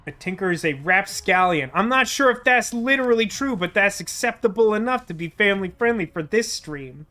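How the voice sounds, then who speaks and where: A man's voice: high voice, animated, a little fast, hardly any pauses, bright, forceful tone, faint music behind. A man streaming a game, chatting casually and reading its dialogue aloud in a playful, self-deprecating way. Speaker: let's play streamer.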